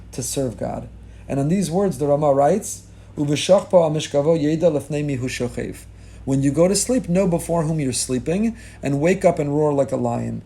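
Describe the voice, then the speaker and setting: A middle-aged rabbi giving a sermon with rising emphasis, mixing in Hebrew and Yiddish religious terms. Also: male voice, on the high side, gravelly, mellow. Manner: impassioned, rising emphasis on key lines.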